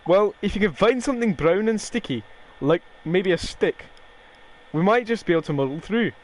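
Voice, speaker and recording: A man's voice: high voice, moderate pace, a little hiss or hum, lightly acted. A man reading game lines aloud as a cheeky little male fairy, trying for an accent. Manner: rough attempt at a regional accent, casual reading.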